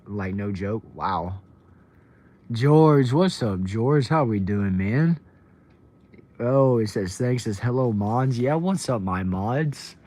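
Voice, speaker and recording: A man's voice: lowish voice, animated, slow, a little mellow. Laid-back man livestreaming. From Texas, USA. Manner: laid-back and chatty, greets viewers by name. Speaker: livestream host. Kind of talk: casual livestream chat, reading comments aloud.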